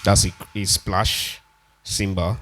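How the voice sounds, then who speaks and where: A man's voice: sits low, little pitch movement, slow pace, music in the background. A man hosting a keyboard tutorial, counting beats aloud and repeating his steps patiently. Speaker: music tutorial host. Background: keyboard instrument sounds.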